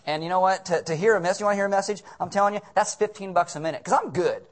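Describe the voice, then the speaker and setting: A man's voice: sits high, rapid-fire. Pastor, man, preaching; emphatic and jokey, repeats key lines. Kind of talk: sermon.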